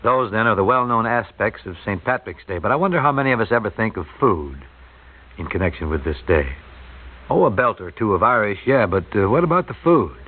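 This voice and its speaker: This radio host's voice is lowish, animated and brisk, heard through a tinny old broadcast. He keeps the chatty radio talk folksy, jokey and conversational.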